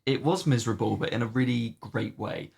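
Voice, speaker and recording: This podcast co-host has a gravelly, somewhat dark voice of medium pitch and talks fairly quickly. His relaxed game review chat wanders, packed with "um"s and casual cursing.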